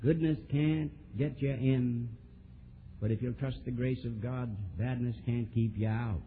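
A man preaching a sermon, telling a story and swinging from soft, low asides to emphatic, raised lines. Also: steady tone, measured pace, a little hiss or hum. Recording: old tinny lo-fi sermon tape.

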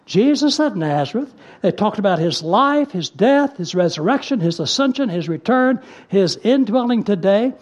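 Male preacher, high voice, earnest, emphatic, slows on key words, dull lo-fi recording. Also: lively intonation. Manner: earnest, emphatic repetition, slows to stress scripture; conversational asides with fillers. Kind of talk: sermon.

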